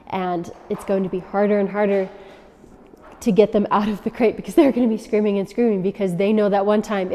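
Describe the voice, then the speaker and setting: A woman dog trainer giving instructions to dog owners, often checking in with a quick "okay?". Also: mid-range voice, fairly even intonation, dark tone, a little hiss or hum. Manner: coaching, checks in with frequent "okay?". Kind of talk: instructional demonstration. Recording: long reverb.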